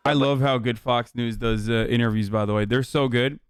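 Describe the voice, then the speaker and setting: Male streamer host, casual and sarcastic, smooth close voice, dry sound. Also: medium pitch, fairly even intonation, a little fast, no room sound. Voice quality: loose, sarcastic, swearing. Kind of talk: casual live-stream commentary.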